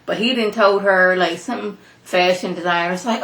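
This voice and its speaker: A young woman giving a sassy, chatty recap of a TV episode, full of animated asides. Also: mid-range voice, fairly quick, few pauses, reverberant. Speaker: TV episode reviewer. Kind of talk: casual recap commentary.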